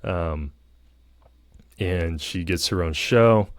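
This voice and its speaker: A man's voice: low voice, very slow, dry recording, clean studio sound. A man vlogging a casual film review, rambling with lots of fillers and hedges.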